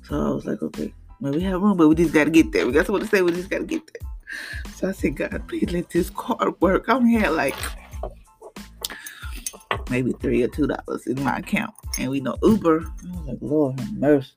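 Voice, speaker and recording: A mother sharing an emotional personal testimony, halting and earnest, close to tears, with many restarts and repeated words. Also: low voice, sing-song, soft background music.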